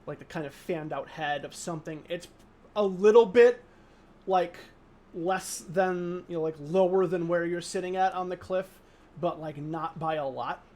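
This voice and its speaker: A man's voice: high voice, a little slow, a little mellow. A man running a tabletop game as game master, rambling through scene descriptions with many fillers and restarts.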